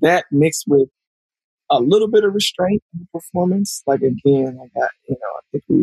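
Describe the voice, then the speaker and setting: A man's voice: on the high side, lively intonation, brisk, creaky, mellow, husky, no echo, rough recording. A man from Alabama with a Southern US accent, a film director chatting loosely as a podcast guest and leaning on lots of fillers. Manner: loose and conversational, lots of "you know" fillers. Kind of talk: casual podcast conversation.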